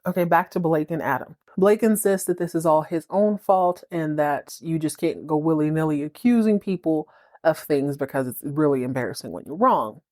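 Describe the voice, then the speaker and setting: Podcast host, female, lower voice, animated and slangy, dry close recording. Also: no echo. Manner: animated, playful, slangy, quick bits of acted quotes. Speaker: podcast host recapping a TV drama. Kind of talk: casual recap with acted-out dialogue.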